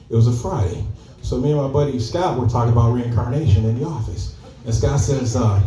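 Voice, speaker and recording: A man telling a stand-up story at an open mic, conversational and animated. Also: mid-range voice, fairly quick, soft background music. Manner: conversational, animated character voices. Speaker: stand-up comedian. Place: comedy club open mic. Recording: echoey club room, mic at a distance.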